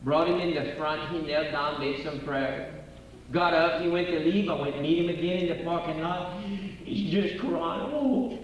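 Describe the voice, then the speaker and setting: A man with a Cajun accent spins a folksy comic yarn in a high, drawling voice. He is on a theater stage, heard from far off. The hall is very echoey, with a faint hiss behind him. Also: steady tone, moderate pace. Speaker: comedian. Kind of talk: live comic storytelling. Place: theater stage before an audience.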